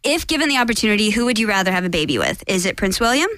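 A woman's voice: medium pitch, very animated, rapid-fire, fairly bright tone, no echo. A woman co-hosting a comedy talk show, playful and giggly. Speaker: co-host. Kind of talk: comedic podcast banter. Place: small studio.

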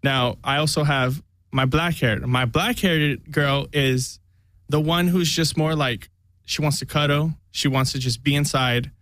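A man's voice: fairly high pitch, a little slow, a bit bright, dry recording. Rambling young man, dry close mic. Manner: rambling storyteller, acts out quotes. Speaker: podcast guest. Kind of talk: casual chat.

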